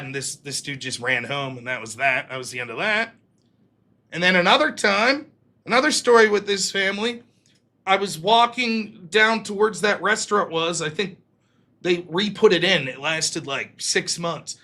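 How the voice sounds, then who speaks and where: A male stream host rambles through crude stories from his youth, his voice pitched high and sounding bright. He talks casually and swears often, and he acts out the people he quotes. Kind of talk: casual storytelling on a live stream.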